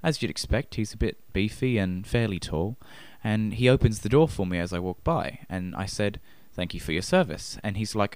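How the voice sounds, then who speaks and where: A man's voice: fairly low pitch, expressive, moderate pace, hardly any pauses, smooth, no room sound. A man telling a comedic anecdote, acting out both sides of a conversation with mounting exasperation. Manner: builds exasperation, voices both sides of the exchange. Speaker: storyteller.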